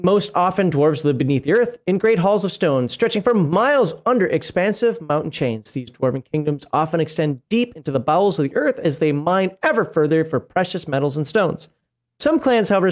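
Guy with a pretty high voice, chatty, reads stuff out then wanders off on tangents. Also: very animated, brisk. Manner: rambling, stops to laugh and comment. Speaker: podcast co-host reading game lore. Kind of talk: casual chat and reading aloud.

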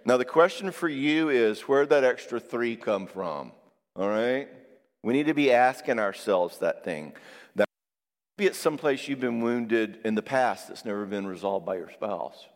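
A middle-aged man giving a sermon on marriage, acting out quotes with lively storytelling and checking in with his listeners. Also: medium pitch, normal speed. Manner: animated storytelling with acted-out quotes; engages audience with frequent "all right?" asides. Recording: long hall reverb.

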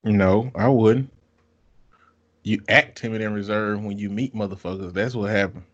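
A man talking casually, lecturing with blunt, profane advice. His voice sits on the low side. The recording is dull and lo-fi. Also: fairly even intonation, normal speed. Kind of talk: casual chat. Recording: dull lo-fi sound.

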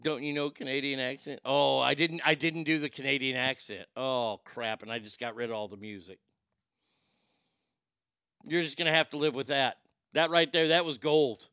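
A man's voice: mid-range voice, steady tone, moderate pace, pushed and bright, smooth, no echo, studio quality. A man hosting a comedy podcast, ranting off the cuff in a crude, rambling, self-mocking way. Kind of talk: improvised comedic rant.

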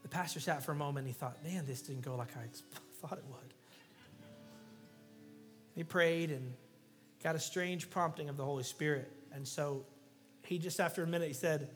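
A man preaching a sermon as a guest pastor, telling stories with humor and swinging between loud and hushed delivery. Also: on the high side, moderate pace, long pauses, long reverb tail, soft background music. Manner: animated storytelling with jokes, swinging from loud to hushed.

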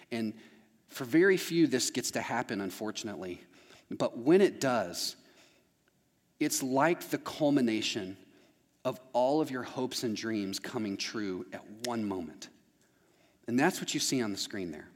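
A man's voice: medium pitch, animated, moderate pace, in a large hall. A man preaching a sermon as pastor, talking casually and speaking straight to his audience. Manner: conversational, addresses the audience directly.

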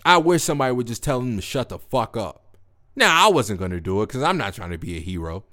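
A young adult man hosting a podcast, telling a profane, slangy story in a casual, animated monologue. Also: medium pitch, fast. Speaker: podcast host.

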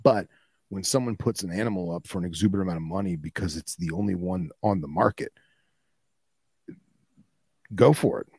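A man's voice: deep voice, brisk, long pauses, darkish tone, slightly rough, no echo. A man co-hosting a podcast in casual chat, arguing his point firmly and acting out what other people said. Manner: argumentative, acts out quotes from others. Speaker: podcast co-host.

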